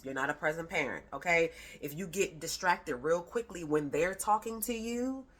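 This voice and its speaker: A woman's voice: fairly low pitch, a bit bright. A woman parenting coach giving a casual, conversational talk to camera, emphatic and slangy, with playful rhyming asides.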